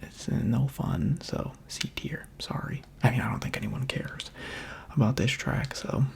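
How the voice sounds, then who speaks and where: A man speaking in a soft, mostly unvoiced whisper, giving chatty, rambling, playful ASMR commentary while he plays a video game, close to the microphone. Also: mid-range voice, a little slow, vocal fry. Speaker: gaming ASMR creator.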